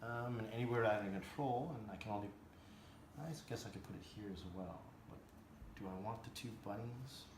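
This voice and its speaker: A man playing a board game, thinking aloud with many pauses and ums in casual chat. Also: fairly low pitch. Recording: echoey room with noise.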